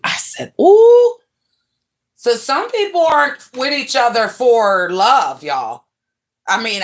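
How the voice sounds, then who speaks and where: Animated, slangy woman livestream host. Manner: animated, swings pitch up for greetings and quotes; slangy, profane, laughing asides. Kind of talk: casual gossip chat to viewers.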